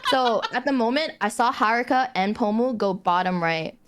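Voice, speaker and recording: Woman rushing through her alibi. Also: a little high, noisy background. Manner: rushed, swearing, casual. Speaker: streamer. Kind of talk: gaming chat.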